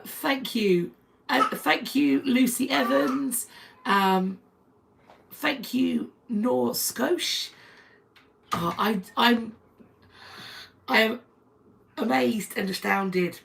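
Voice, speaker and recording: A woman's voice: fairly high pitch, extremely slow, vocal fry, long pauses, fairly bright tone, a little hiss or hum, rough recording. A woman hosts a live stream at home, chatting about history and thanking viewers one by one. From North London, England. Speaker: history channel host.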